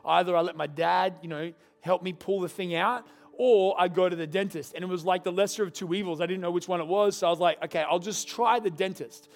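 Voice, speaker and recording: A man's voice: high-pitched, steady tone, fast. A young adult man, a pastor preaching a sermon and telling a story with humorous asides.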